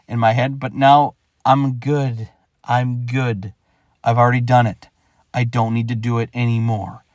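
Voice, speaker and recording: A young man talking through his retirement from rap in a casual vlog, animated and emphatic, repeating himself and acting out quick thoughts. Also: medium pitch, no echo, studio quality. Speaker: rapper explaining his retirement.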